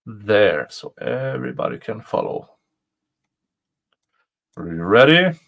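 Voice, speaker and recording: A man's voice: fairly low pitch, huge pitch swings, takes it slowly, vocal fry, long pauses, fairly bright tone, highs cut off. A man hosting a casual livestream, reading aloud and chuckling often at his own jokes. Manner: chuckles often, jokey asides. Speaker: livestream host commenting on a trial. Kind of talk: casual live commentary.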